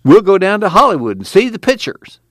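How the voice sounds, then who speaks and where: Deep-voiced man playing a cocky young guy, raised and lively, teasing, evasive. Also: fairly quick, no echo, clean studio sound, exaggerated voice.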